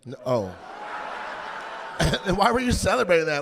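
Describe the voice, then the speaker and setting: A man doing loud, teasing crowd work as a stand-up comedian on a comedy club stage, with a handheld mic. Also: high-pitched, very animated. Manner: loud, teasing, quick-jumping between voices.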